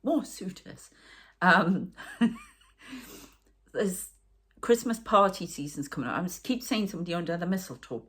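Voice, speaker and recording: A woman's voice: on the low side, animated, normal speed, long pauses. A middle-aged woman giving a rambling channelled tarot reading, talking to the viewer and aside to spirits. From northern England. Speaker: tarot reader and medium.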